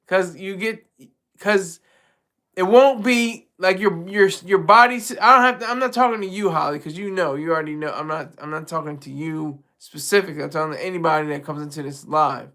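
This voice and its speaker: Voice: medium pitch, fairly quick, bright, forceful tone. A live-stream host chatting casually with viewers, rambling, restarting sentences and laughing often. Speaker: livestream host.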